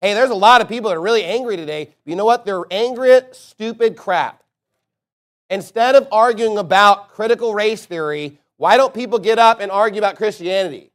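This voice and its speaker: A male pastor delivering a combative sermon, pressing hard with one rhetorical question after another. His voice sits high for a man. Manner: fiery, combative preaching with repeated rhetorical questions.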